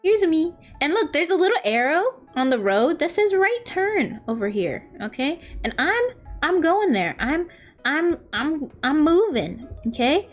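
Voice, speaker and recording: Animated, high-pitched young woman streamer. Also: measured pace, soft background music. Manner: animated storytelling, rambling and self-mocking. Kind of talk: casual chat while drawing.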